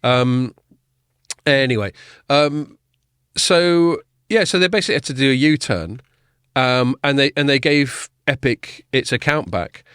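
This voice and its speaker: A man's voice: medium pitch, measured pace, a bit bright, clean tone, dry recording. Guy rambling on a podcast, lots of ums and restarts, dead dry sound. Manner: chatty, swears casually, many fillers and restarts. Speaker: podcast host. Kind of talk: casual podcast chat.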